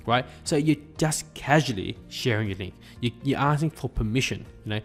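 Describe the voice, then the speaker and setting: A man's voice: medium pitch, expressive, moderate pace, faint music behind. A man giving a casual online marketing tutorial, chatty and acting out small talk at a bar.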